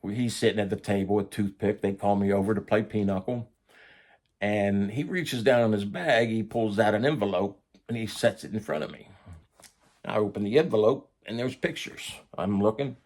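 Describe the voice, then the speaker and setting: A man's voice: on the low side, moderate pace, darkish tone. A middle-aged man casually telling a profane first-person story, acting out the voices of the people he quotes. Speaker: storyteller recounting prison life.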